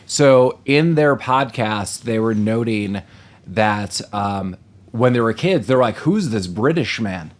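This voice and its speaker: A man co-hosting a casual movie-review podcast, jokey and animated, often laughing, recorded in a small room with his co-host. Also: on the low side, takes it slowly.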